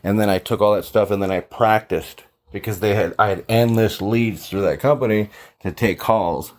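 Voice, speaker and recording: A man with a somewhat low voice tells his story in a loose, chatty way, full of fillers. He jumps into the voices of the people he quotes. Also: normal speed, a little mellow. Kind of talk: casual storytelling monologue.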